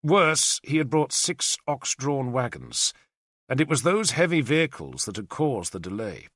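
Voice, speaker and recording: Bright, lively male audiobook narrator. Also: mid-range voice, unhurried, dry recording, clean studio sound. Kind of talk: first-person audiobook narration.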